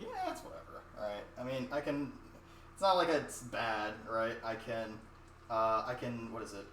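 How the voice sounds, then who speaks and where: Very animated yet measured in pace, a young man's medium-pitched voice fills an echoey home kitchen where he cooks on stream. His chat is casual, rambling, and profane, caught by a distant mic with faint noise.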